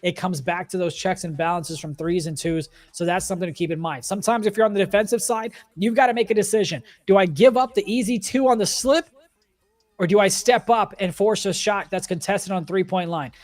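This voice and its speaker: A man with a high-pitched voice casts an esports basketball final. He talks through the numbers and the defensive choices in an even, analytical sports-commentary way. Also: fairly quick, hardly any pauses. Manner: analytical, steady play-by-play breakdown.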